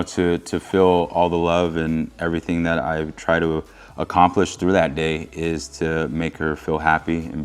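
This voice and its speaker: Young man, very deep voice, relaxed and earnest, casual chat. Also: smooth. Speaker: co-host recounting his proposal.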